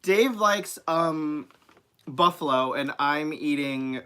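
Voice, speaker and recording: A woman's voice: sits low, takes it slowly, crowd noise. A woman co-hosting a live stream, reading out viewer questions in a giggly, playful way.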